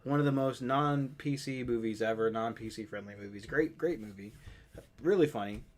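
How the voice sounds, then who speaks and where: A man co-hosting a podcast, telling animated stories in casual chat and swearing casually. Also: medium pitch, moderate pace. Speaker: podcast co-host.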